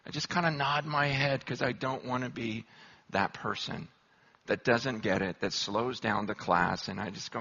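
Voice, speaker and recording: A man preaching a sermon, telling self-deprecating stories in an animated, humorous way. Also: mid-range voice, moderate pace, creaky, dull audio. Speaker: pastor.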